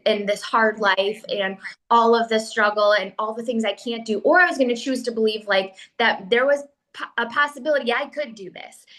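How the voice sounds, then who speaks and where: A woman's voice: a little high, fairly bright tone, low-quality recording. A woman in her thirties, a podcast co-host, telling a personal story in a casual, emotional way, tearful and full of "like" fillers. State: crying.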